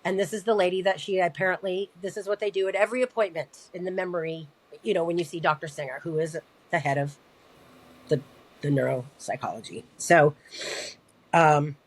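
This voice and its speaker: A woman recounting a personal family story in a podcast interview, halting and repeating words as she talks, earnest and emotional. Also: lowish voice, breathy edge, poor audio. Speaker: podcast guest.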